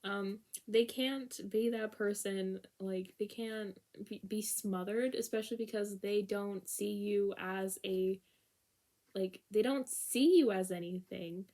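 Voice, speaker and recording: A young woman talks through a pick-a-card tarot reading in a loose, chatty way. She is frank and exasperated, breaks into laughter and lets the odd swear word slip. Her voice sits at an ordinary middle pitch. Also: slow, warm tone. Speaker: tarot reader.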